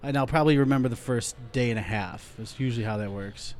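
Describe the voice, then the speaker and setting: A man's voice: mid-range voice, quick pace, a little mellow, a little hiss or hum. Mumbly, rambling podcast host, a man. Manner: mumbly, rambling storyteller with restarts. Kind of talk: casual chat.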